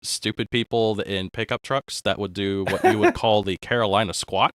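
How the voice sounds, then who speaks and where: A man chatting casually on a stream, low-key and often trailing off into quiet asides. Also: moderate pace, clean tone, dry recording, studio quality. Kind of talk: casual chat.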